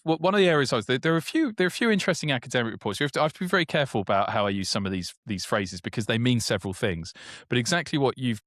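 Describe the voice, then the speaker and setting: Low-voiced man, animated podcast chat. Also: no room sound, clean studio sound. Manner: animated, restarts, pitch jumps up when excited. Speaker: podcast co-host. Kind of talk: casual chat.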